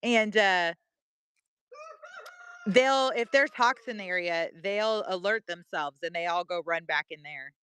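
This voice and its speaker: A woman's voice: fairly low pitch, unhurried, fairly bright tone, smooth, no echo. A middle-aged woman giving a casual walk-and-talk vlog tour of her backyard, chatting to her pets and animals. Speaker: vlogger.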